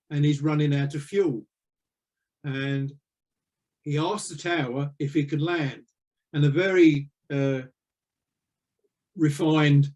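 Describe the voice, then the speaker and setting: An older man, a retired navy veteran, is an interview guest telling rambling anecdotes packed with fillers. His voice is a little high with a darkish tone, and the talk is casual storytelling.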